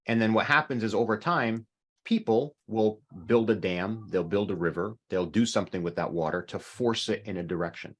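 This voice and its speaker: A man's voice: fairly low pitch, moderate pace. A middle-aged man teaching an online language class over a video call, patiently explaining with examples. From North America.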